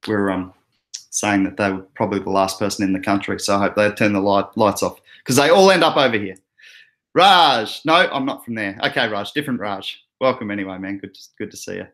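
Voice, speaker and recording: Low-voiced Australian man, rambling. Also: brisk, a bit bright. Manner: rambling, laughs often, many fillers. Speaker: crypto channel host. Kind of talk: casual livestream chat.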